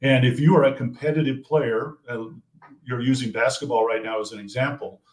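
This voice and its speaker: Answering interview questions casually, this older play-by-play sportscaster speaks thoughtfully and with measured care, frequently starting phrases over. He has a steady, mid-range voice, heard with roomy echo.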